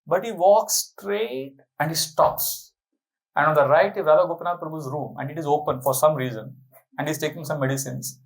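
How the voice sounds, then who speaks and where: Animated middle-aged monk storyteller. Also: male voice, a little high, rough recording. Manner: animated, laughing anecdote telling. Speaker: monk giving a spiritual talk. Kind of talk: storytelling sermon.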